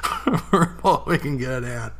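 A man's voice: medium pitch, lively intonation, moderate pace, fairly bright tone. A young man co-hosting a podcast in casual banter, laughing often and swearing freely while he jokes. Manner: laughs a lot, profane, joking. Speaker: podcast co-host.

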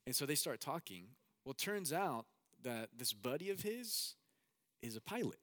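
A man's voice: mid-range voice, very animated, unhurried, fairly bright tone, no echo, clean studio sound. A man casually retelling an anecdote, chatty and full of slang and fillers. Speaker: storyteller.

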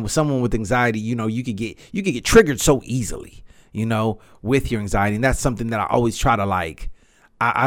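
Male podcast host, 30s, medium pitch, loose swearing storyteller. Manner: rambling, animated, swears freely, says "man" and "you know" a lot. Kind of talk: casual storytelling monologue.

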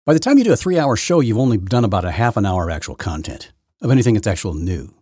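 A man's voice: fairly low pitch, sing-song, fast, warm tone, husky, no echo, studio quality. A man hosting his own podcast, giving rambling, opinionated solo commentary full of restarts and repeated words. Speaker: podcast host.

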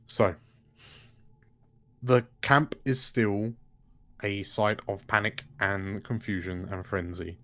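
A man's voice: lowish voice, steady tone, slow, long pauses, a bit bright. Rambling game master man. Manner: loose, filler-heavy narration. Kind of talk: narrating a tabletop game.

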